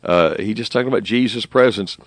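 Middle-aged guy preaching on the radio, leans on words, says things twice, fairly low voice. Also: brisk, no echo. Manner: emphatic, repeats phrases for stress. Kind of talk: sermon.

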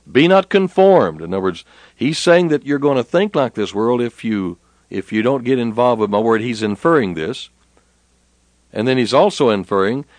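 A man preaching a sermon at a middle pitch, his voice swinging widely up and down. He lifts his voice and slows down as he quotes scripture. The sound is dry and close, with no room echo. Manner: rises in pitch and slows down when quoting scripture.

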